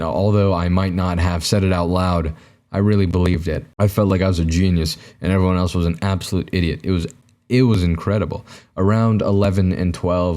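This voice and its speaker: Young guy rambling to his camera, deep mellow voice, lots of ums and restarts, kind of mocking himself. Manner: self-mocking, rambling with many fillers and restarts. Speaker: podcast host. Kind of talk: solo comedic monologue to camera. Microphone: camera mic, recording himself.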